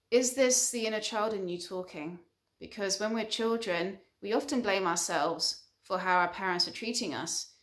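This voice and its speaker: A woman's voice: medium pitch, normal speed, a bit bright. Earnest woman counselor. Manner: earnest, builds points through repeated short lists. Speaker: relationship counselor. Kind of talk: advice monologue to camera.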